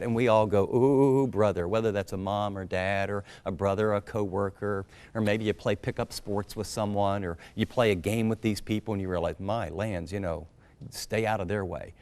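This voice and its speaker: A middle-aged man, a pastor, giving an earnest, conversational sermon-style talk, acting out everyday examples as he teaches. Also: on the low side.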